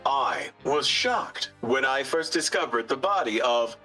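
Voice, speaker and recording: A man's voice: mid-range voice, expressive, a little slow, sharp tone, soft background music. A male text-to-speech voice playing a terse bomb disposal expert, with clipped, telegraphic phrasing. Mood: flat.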